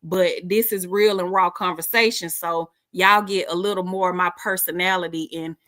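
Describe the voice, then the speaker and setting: A woman's voice: on the low side, fairly even intonation, moderate pace, sharp tone, dry recording. Middle-aged woman on a live, chatty and laughy, dry close sound. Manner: chatty, laughs often, informal slang. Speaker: live stream host. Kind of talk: casual live chat, reading comments.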